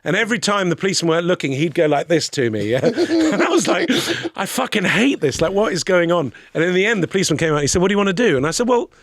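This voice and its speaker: Animated middle-aged man telling funny stories. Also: fairly high pitch, racing, hardly any pauses, no echo, clean studio sound. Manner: animated storyteller, swears freely, acts out other people's voices. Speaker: podcast guest. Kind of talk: comic anecdote telling.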